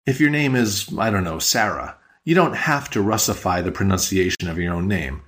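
A man teaching a podcast language lesson, patient and explanatory, slowing down on key words. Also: low voice, expressive, fairly bright tone.

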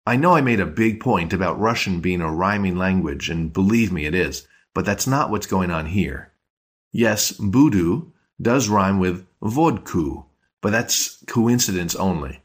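A man co-hosting a scripted podcast language lesson, calmly explaining grammar rules with examples. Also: low-pitched, measured pace, breathy edge.

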